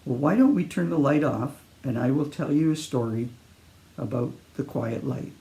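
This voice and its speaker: Man reading as a calm, gravelly grandfather. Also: mid-range voice, normal speed, echoey room, natural voice. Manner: calm, reassuring. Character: gentle grandfather soothing a child.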